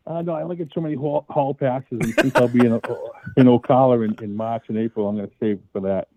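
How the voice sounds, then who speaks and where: A man's voice: mid-range voice, fast, warm tone. A man being interviewed as a racehorse-owner guest, talking in an easygoing, joking way over a call. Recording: tinny phone line.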